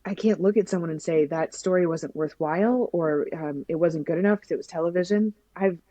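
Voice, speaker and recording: A woman speaking as a podcast guest in a warm, mellow voice. She talks enthusiastically and expressively, and the recording is close and dry. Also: on the low side, brisk, dry recording. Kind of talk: casual conversation.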